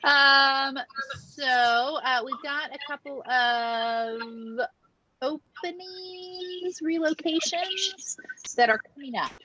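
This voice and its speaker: A woman's voice: high-pitched, drawn-out words, pushed and bright, lo-fi sound. A woman co-hosting a casual food news podcast, chatty, with frequent ums and uhs. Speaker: podcast co-host.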